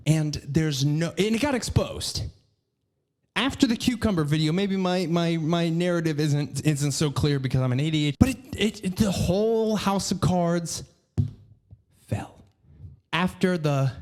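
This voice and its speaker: A man's voice: a little high, expressive, moderate pace, a little mellow. A young man ranting profanely and scatteredly as a podcast host. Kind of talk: casual ranting commentary.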